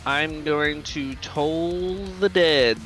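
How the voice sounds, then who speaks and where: A man's voice: fairly high pitch, extremely slow, a bit bright, soft background music, low-quality recording. A man playing a character in a tabletop game, declaring his moves and asking about the dice. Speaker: player. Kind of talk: casual tabletop game play.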